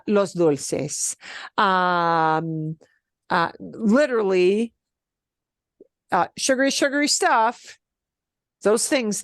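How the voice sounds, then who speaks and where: A woman teaching beginner Spanish over a video call, moving at an unhurried pace. Her voice is lively, with wide swings in pitch. She stops often to check that the class is following, and the sound is dry and close. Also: no echo. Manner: patient, explains slowly with many "okay?" checks.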